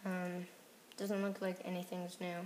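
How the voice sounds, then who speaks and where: A woman giving casual gameplay commentary as a YouTuber, mostly murmuring softly, then blurting out excited reactions. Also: on the low side, measured pace, a little hiss or hum. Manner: soft mumbling with sudden excited outbursts. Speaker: gaming YouTuber.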